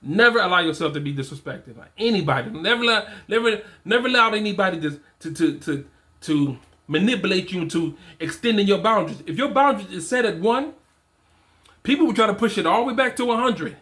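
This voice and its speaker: A man's voice: sits high, expressive, fast talker, pushed and bright. A man in his forties giving casual, emphatic motivational talk to other men, repeating his points with slang. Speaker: fatherhood and men's coach.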